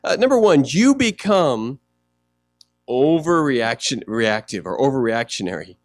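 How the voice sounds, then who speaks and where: A man's voice: medium pitch, sing-song, measured pace, no echo. A male pastor preaching a sermon in a conversational way, often asking the congregation questions.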